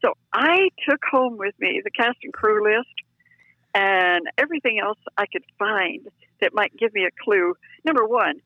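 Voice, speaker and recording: An older woman telling lively, self-deprecating stories as a guest, heard over a phone line. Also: medium pitch, normal speed, no room sound. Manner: chatty, self-deprecating, animated. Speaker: guest storyteller. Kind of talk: anecdotal storytelling.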